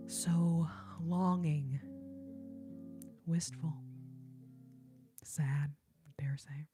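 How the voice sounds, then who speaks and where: A woman in her early forties whispering softly and giggling as she chats with viewers on an ASMR livestream. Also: fairly low pitch. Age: early 40s. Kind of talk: whispered ASMR live chat.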